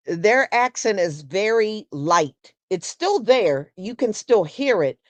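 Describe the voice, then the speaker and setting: A woman hosting a casual solo livestream, talking in an unhurried, conversational way and answering viewers with "mm-hmm" and "yeah". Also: fairly low pitch, no room sound. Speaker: host.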